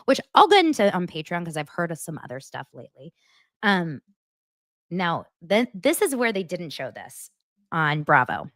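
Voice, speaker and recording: Low-voiced chatty woman gossip host. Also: very animated, moderate pace, dry recording, clean studio sound. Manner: chatty, reads out text messages, frequent self-corrections. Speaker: podcast host. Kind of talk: casual gossip commentary.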